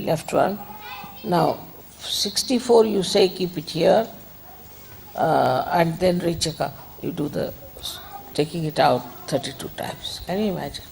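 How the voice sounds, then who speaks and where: A woman giving an informal spiritual talk, conversational and digressive, gently admonishing her listeners. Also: sits low, gravelly, a little hiss or hum, low-quality recording. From India. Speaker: spiritual teacher.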